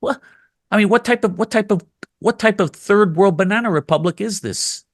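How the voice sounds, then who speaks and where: A man's voice: sits high, normal speed, dry recording, studio quality. A man hosting a casual commentary chat, speaking indignantly and repeating himself. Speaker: host.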